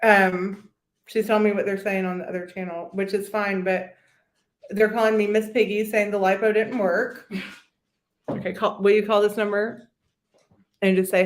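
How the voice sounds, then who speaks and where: A woman's voice: mid-range voice, little pitch movement, normal speed, pauses often, echoey room, a little hiss or hum. A woman hosting a live stream in a casual, blunt, profane, gossipy way.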